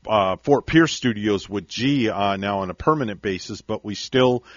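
A man's voice: on the low side, moderate pace, no room sound, dull audio. Chatty radio host man, dry studio. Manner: chatty, jokey, plugging local business. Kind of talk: casual morning radio chat.

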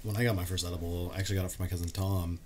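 Guest, lower-voiced man, lively storyteller who plays out quotes. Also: very fast, a little hiss or hum. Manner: animated storyteller, lots of "like", acts out quotes. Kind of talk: casual chat.

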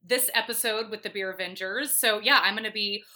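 A woman's voice: medium pitch, a little fast, sharp tone. A woman from Georgia with a light Southern accent, chatting enthusiastically as a podcast guest over a remote call. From Atlanta, Georgia. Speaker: guest, brewery events coordinator. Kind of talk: casual podcast chat.

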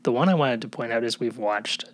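A man's voice: medium pitch, brisk. A man co-hosting a podcast in casual chat, chatty and playful. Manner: chatty, playful, does voices. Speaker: podcast co-host.

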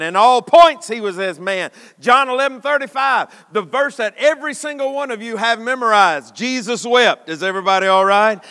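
A man preaching a sermon, building to shouted emphasis with long dramatic pauses. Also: very high-pitched. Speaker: pastor. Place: church sanctuary. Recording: long reverb of a church hall.

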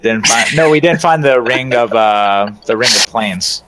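A man's voice: mid-range voice, animated, measured pace, background noise. A man playing in a tabletop role-playing game, joking and offhand in casual chat. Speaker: player.

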